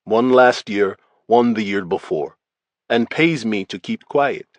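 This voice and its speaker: A man's voice: lowish voice, takes it slowly, no echo. A man voicing a blunt, cold male mobster, speaking clipped broken English.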